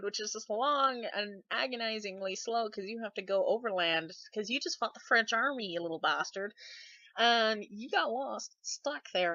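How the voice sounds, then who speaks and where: A woman's voice: mid-range voice, expressive, normal speed, sharp tone, no room sound. Scottish woman rambling into a webcam. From Scotland. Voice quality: voice others mistake for a man's. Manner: chatty, self-deprecating, sarcastic asides. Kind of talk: casual webcam vlog, rambling. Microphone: webcam mic. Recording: dull dry webcam audio.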